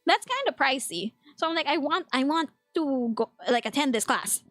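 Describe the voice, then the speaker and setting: A chatty young woman with a Filipino accent, talking casually to her live chat and laughing often. Her voice sits a little high. The sound is dry and close, with faint music playing behind her. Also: expressive, fairly bright tone, dry recording. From Philippines. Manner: chatty, quick to laugh, reads chat aloud. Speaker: VTuber streamer.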